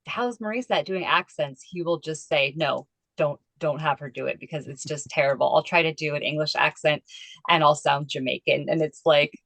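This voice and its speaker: A woman with a notably low voice chats on a podcast, talkative and self-deprecating. The sound is dry and close. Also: level tone, moderate pace, gravelly, a bit bright, no room sound. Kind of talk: casual chat.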